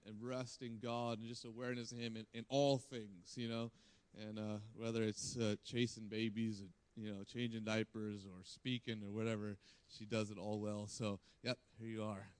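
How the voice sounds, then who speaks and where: A man preaching to a church and praying softly, often restarting with fillers. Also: medium pitch. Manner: halting, many restarts and fillers, breathy hushed prayer. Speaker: pastor. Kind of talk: sermon with prayer.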